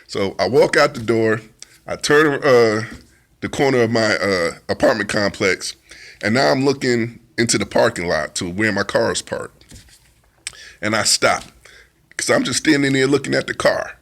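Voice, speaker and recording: A man gives a personal testimony in vivid storytelling style, acting out his own side of an argument. His voice is medium-pitched, expressive, fairly bright, and a little slow, and his plain, informal speech uses dialect grammar.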